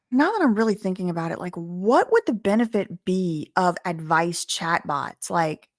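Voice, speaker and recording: A woman's voice: on the low side, lively intonation, normal speed, no echo, studio quality. A woman, talking casually and uneasily, full of fillers and sighs, as she reads out a chat log for her channel. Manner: filler-heavy, sighing, uneasy. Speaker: commentary vlogger. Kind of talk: casual commentary, reading a chat log aloud.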